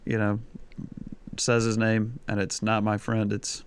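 A man's voice: lowish voice, monotone, a little slow, slight background noise. A man chatting casually as a podcast co-host, telling stories in a rambling, hesitant way with lots of fillers. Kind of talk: casual chat.

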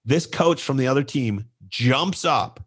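A man's voice: medium pitch, measured pace, breathy edge. A middle-aged man, co-hosting a casual podcast and animatedly telling a youth baseball story, acting out the voices of kids and coaches.

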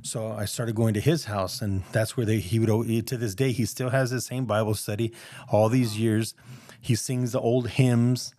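A man's voice: fairly low pitch, fairly even intonation, moderate pace, warm tone, dry recording, studio quality. A man sharing his personal testimony in a casual, earnest, rambling way, acting out the voices of people he quotes.

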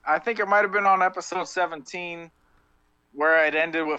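Bright-voiced profane podcast co-host man. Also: a little high, fairly even intonation, normal speed, smooth, no echo, lo-fi sound. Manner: profane, rambling, jokey. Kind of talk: casual banter.

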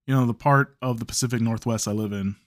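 A man's voice: mid-range voice, fairly even intonation, fast talker, no echo, studio quality. A man from Chicago, hosting a podcast, telling a long story in a loose, rambling way, correcting himself and swearing casually. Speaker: podcast host.

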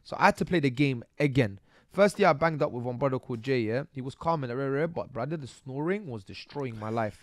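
A young man, telling his own stories as a podcast guest in a lively, slang-filled way and acting out scenes as he goes. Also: mid-range voice, brisk, dry recording. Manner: animated, slang-heavy, acts out scenes. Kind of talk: casual storytelling interview.

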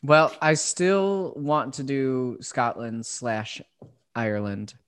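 A man co-hosting a podcast in casual chat, joking around and acting out other people's voices in quick impressions. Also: medium pitch, lively intonation, a bit bright, smooth. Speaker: podcast co-host.

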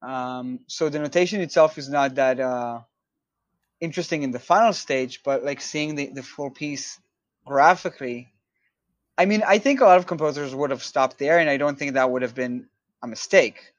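A man's voice: mid-range voice, moderate pace, no echo, highs cut off. A man from Israel, a composer guest in a casual interview, explaining his work thoughtfully with many fillers and restarts.

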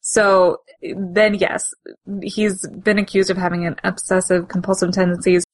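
A woman's voice: on the low side, level tone, a little slow. A woman co-hosting a podcast, chatting casually about comics, laughing often and restarting her sentences. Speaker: podcast co-host.

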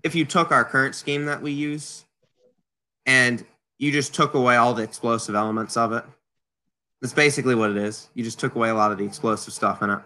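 Man, podcast guest, bright tense voice, animated, restarts a lot. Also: medium pitch, fairly quick. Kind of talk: casual podcast talk.

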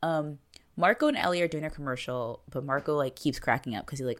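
A young woman co-hosting a podcast, casually recapping an episode and acting out the characters' lines with lively chatter. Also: low-pitched, quick pace. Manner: animated, acts out quotes from the show. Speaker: podcast co-host.

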